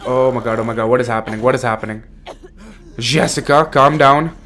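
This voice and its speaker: A young adult man commentating a horror game, excitable and swearing, calling everyone "bro". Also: mid-range voice, fairly quick. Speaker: gaming streamer.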